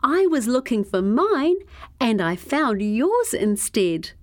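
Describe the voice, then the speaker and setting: A woman voicing a loud, excited young girl football fan, speaking in a high, shrill, emphatic way. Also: takes it slowly. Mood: indignant.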